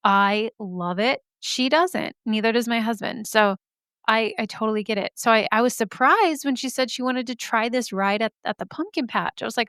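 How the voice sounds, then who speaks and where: A woman's voice: on the high side, normal speed, fairly bright tone, no room sound, clean studio sound. A woman hosting her podcast in a bubbly, chatty way, laughing often, her throat a little scratchy. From Arizona. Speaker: podcast host. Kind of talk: casual chat. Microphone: studio microphone.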